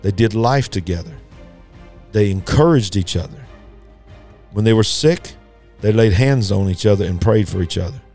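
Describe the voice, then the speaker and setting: This preacher's mellow voice moves at normal speed with frequent pauses, faint music playing behind. He delivers his sermon emphatically and repetitively, building to a fervent pitch, and addresses listeners directly in a folksy manner.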